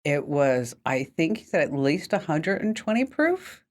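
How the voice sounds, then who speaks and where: A woman hosting a tech podcast, chatting casually and telling animated stories with frequent laughter. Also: sits low, a little slow. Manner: animated storyteller, laughs often. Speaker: podcast host. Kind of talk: casual chat.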